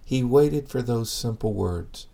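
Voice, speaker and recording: Male preacher, sermon, mellow tone, gravelly, earnest and measured. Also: medium pitch, lively intonation. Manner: earnest, measured, rhetorical questions.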